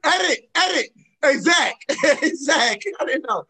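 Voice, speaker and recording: A man's voice: extremely high pitch, animated, measured pace, pushed and bright. A young man hosting a casual podcast, talking animatedly with theatrical protests and indignation. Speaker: podcast host.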